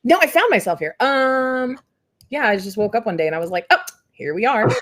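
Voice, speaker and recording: A woman's voice: fairly high pitch, big pitch swings, brisk, a bit bright. A woman from central Indiana hosting a casual chat, rambling and giggly, with plenty of filler words. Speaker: host.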